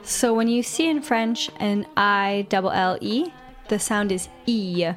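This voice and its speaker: Woman cohost, normal-pitched voice, quick casual reactions, a bit of music behind. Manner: brief reactions, casual explaining. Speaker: podcast co-host. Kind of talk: casual chat.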